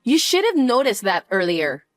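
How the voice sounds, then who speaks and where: Woman doing a mean young daughter-in-law, snippy and high, dry close mic, faint music. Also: sing-song, normal speed, dry recording. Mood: scornful. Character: harsh young daughter-in-law, scornful and impatient. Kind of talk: narrated family drama dialogue.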